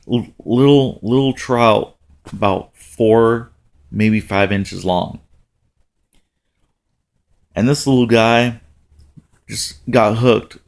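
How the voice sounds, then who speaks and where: A middle-aged man telling a casual story about taking his kids fishing, with a relaxed delivery that jumps up in pitch for quoted lines. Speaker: father telling a family story.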